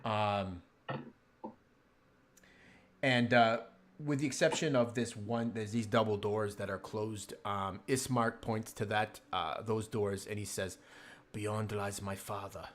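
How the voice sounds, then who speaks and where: Low-voiced male game master, easygoing narrator. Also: takes it slowly. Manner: relaxed narration with many ums and laughs. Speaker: dungeon master.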